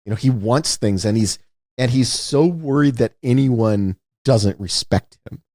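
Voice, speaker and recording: A man's voice: mid-range voice, measured pace, a little mellow, dry recording, studio quality. A man co-hosting a podcast, chatting casually about a film and thinking aloud as he talks. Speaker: podcast co-host. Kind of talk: casual movie review chat.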